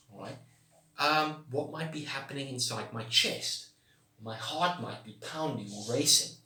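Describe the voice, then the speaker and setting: A man with a medium-pitched, fairly bright voice teaches a writing lesson in a chatty style, often checking in with "all right?" and "yeah?" He sits away from the mic, so the sound is roomy and distant.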